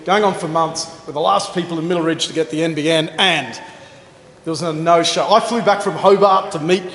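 A man's voice: a little high, steady tone, brisk, fairly bright tone. A man with an Australian accent preaching a chatty, joking sermon full of anecdotes and self-deprecating humour, speaking in a church. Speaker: pastor. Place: church hall. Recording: roomy hall with long reverb.

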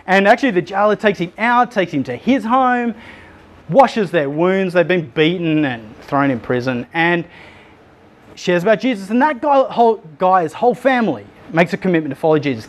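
Chatty man retelling a Bible story. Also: high-pitched. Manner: chatty, animated retelling with laughs and filler words. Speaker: pastor. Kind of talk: casual sermon storytelling.

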